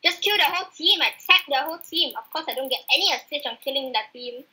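A woman's voice: high voice, expressive, quick pace, bright, forceful tone, poor audio. A woman gamer chatting casually while playing, complaining about teammates in a mock-formal way. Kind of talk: casual gaming chat.

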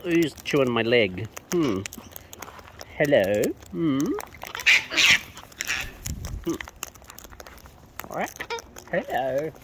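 A woman's voice: very deep voice, expressive, very slow, pauses often. A woman chatting playfully to wild birds as she feeds them outdoors, cooing and teasing them. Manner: coos and baby-talks to birds, playful. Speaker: vlogger feeding wild birds. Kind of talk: casual chat to birds. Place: outdoors at a bird feeding spot. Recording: noisy outdoor audio with bird sounds. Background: birds chattering and clicks.

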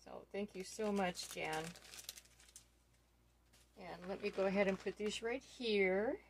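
A woman's voice: mid-range voice, takes it slowly, a little hiss or hum. A middle-aged woman chatting casually as she unboxes gifts, gushing and awestruck, with many ums. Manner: gushing, awestruck, full of fillers. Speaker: doll collector vlogger.

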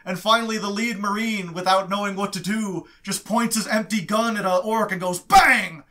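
A man's voice: high-pitched, fairly even intonation, fairly quick, sharp tone. A man hosting a casual book podcast, explaining lore and telling stories with sound effects and frequent laughs. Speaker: podcast host.

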